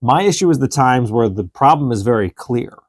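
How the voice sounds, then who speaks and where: A man's voice: mid-range voice, animated, normal speed, no room sound, studio quality. A man in his thirties co-hosting a podcast, venting in casual chat about parenting and acting out his child's lines. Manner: exasperated, venting, acts out quotes of his child. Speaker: podcast co-host.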